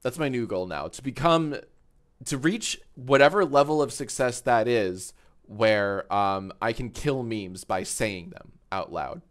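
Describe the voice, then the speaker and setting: A man's voice: medium pitch, a little slow. Tipsy, rambling male streamer. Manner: rambling, profane, joking. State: tipsy from wine. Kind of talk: casual live-stream chat. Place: home studio with green screen.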